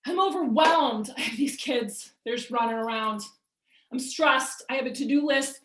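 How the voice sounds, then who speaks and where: A woman voicing an overwhelmed, stressed parent who complains loudly and sounds exasperated, in a roomy-sounding recording. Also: high voice, moderate pace. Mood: whiny. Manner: whiny, exasperated, loud. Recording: roomy echo.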